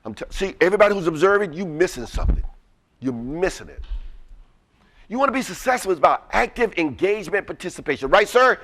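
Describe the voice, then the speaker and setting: A man giving an energetic, casual motivational talk to a live audience in a presentation room, coaxing them to chant along. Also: sits high, fast. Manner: casual, uses y'all. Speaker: presenter at a webinar. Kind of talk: motivational call-and-response talk.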